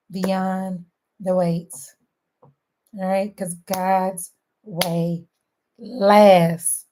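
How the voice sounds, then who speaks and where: A woman talking straight to her viewers in a lively, sermon-like way, mixing casual slang and laughter into faith-based wellness advice. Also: medium pitch. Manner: animated, sermon-like, southern-inflected slang with frequent laughs. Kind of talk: lively preachy direct-to-camera talk.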